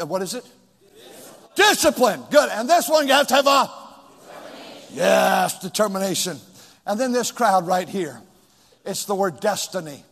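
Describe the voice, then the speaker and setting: A middle-aged man with a very high voice preaches a sermon to a packed church with a balcony. He throws questions to the crowd and pushes the answers back at them, climbing into shouts. His voice carries a long reverb from the large hall. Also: creaky. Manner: preaching with call-and-response, rising to shouts. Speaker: pastor.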